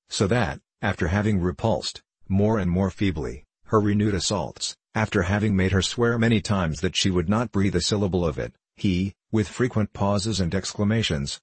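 A man narrating a classic novel in a measured, even reading from a close studio mic. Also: low-pitched, slightly rough, dry recording. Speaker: audiobook narrator.

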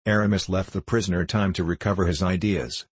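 Deep, husky male narrator. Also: fairly even intonation, fairly quick, no echo. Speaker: audiobook narrator. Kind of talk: scripted narration of a classic novel.

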